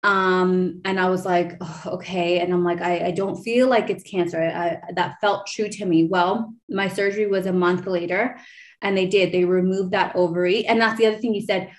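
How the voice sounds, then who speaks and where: A woman's voice: on the low side, steady tone, moderate pace. A woman in her thirties hosting a podcast, telling a personal story in a rambling, emotional way. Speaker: podcast host. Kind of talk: casual interview chat.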